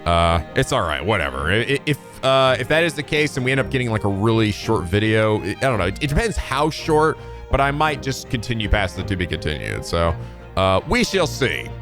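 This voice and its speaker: Rambling young gaming host. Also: male voice, lowish voice, a little fast, music in the background. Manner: rambling, energetic, swears casually. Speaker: let's play host. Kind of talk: casual gameplay commentary.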